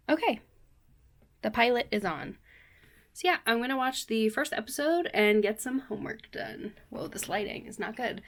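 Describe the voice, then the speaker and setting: A woman's voice: medium pitch, fairly bright tone. A young woman chatting casually to her camera in her bedroom, bubbly and self-deprecating. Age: young adult. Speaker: vlogger. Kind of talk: casual vlog chat. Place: bedroom at home.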